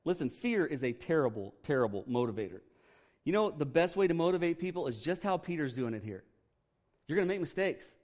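A man's voice: fairly high pitch, big pitch swings, a little fast, darkish tone. A man, a pastor preaching a conversational sermon with candid, joking asides.

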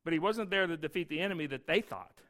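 A male pastor preaching a sermon, telling the story lively and acting out scenes. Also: on the high side, fast.

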